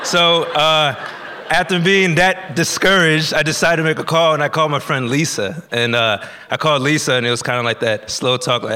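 A man's voice: medium pitch, fairly quick, pushed and bright. A man telling a personal story to a live audience in a casual, conversational way, acting out dialogue and using many fillers.

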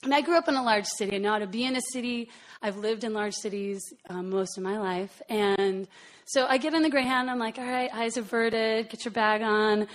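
A woman telling a personal story in an animated way, often laughing between phrases. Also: medium pitch, brisk. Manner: animated, laughs often, lots of fillers and asides.

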